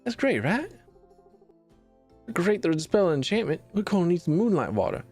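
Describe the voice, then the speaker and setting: A keen young witch girl with a lively, bouncing voice that rides well above the man playing her's normal register. She sounds upbeat and sure of her magic, reading her lines from a cozy farming game. There is a faint gravel under the lift. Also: high-pitched, normal speed, faint music behind, voice pushed up, heavily acted. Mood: eager. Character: earnest young female witch, determined. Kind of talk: reading game dialogue aloud.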